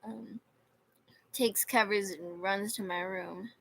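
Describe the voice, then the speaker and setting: A woman's voice: mid-range voice, fairly even intonation, slow pace, vocal fry, a bit bright, breathy edge, rough recording. A young woman on a livestream reading chat messages aloud and telling a story in a sarcastic, complaining way.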